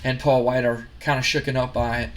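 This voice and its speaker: A man's voice: mid-range voice, flat delivery, a little fast. A man hosting a gaming video, narrating a recap casually with some restarts.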